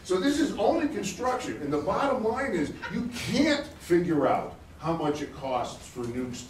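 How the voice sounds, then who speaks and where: A middle-aged man gives a live talk at a conference, animated and excitable, and he laughs often as he goes. His voice sits a little high and swings widely in pitch. He is picked up from some distance in an echoey hall, with faint ambience behind him. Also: measured pace, few pauses, background noise. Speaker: conference speaker, energy advocate.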